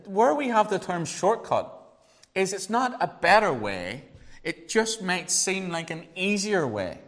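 A man's voice: sits high, a bit bright. A man, a pastor leading a prayer and preaching a conversational sermon full of rhetorical questions. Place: church hall. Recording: reverberant church hall.

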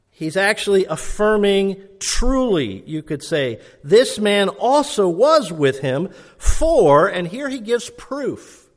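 A man preaching an expository sermon in an earnest, emphatic way, rising and falling for stress. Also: on the high side.

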